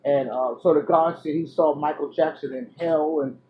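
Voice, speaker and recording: A woman vlogger telling a personal story to her viewers, loud one moment and hushed the next, full of fillers and restarts. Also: low-pitched, normal speed, narrow, tinny audio. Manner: animated, drifts between loud exclamations and hushed asides; chatty, many fillers and restarts.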